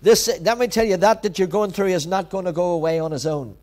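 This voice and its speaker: Male pastor, high-pitched, emphatic repetitive sermon delivery. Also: fairly quick, a little mellow. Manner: emphatic, repetitive preaching with direct exhortations.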